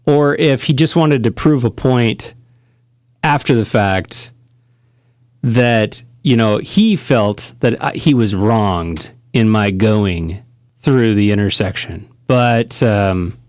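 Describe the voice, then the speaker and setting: A man co-hosting a casual podcast, telling a rambling, animated story. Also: medium pitch, no room sound, studio quality. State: out of breath. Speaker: podcast co-host. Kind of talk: casual chat.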